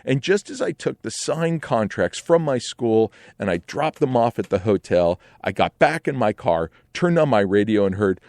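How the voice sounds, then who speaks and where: A man's voice: fairly low pitch, normal speed, hardly any pauses, no echo. Brief: man in his forties, rambling and profane comic storyteller, dry close mic. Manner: animated, profane, digressive storyteller with frequent "like" and "right?". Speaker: host telling a story.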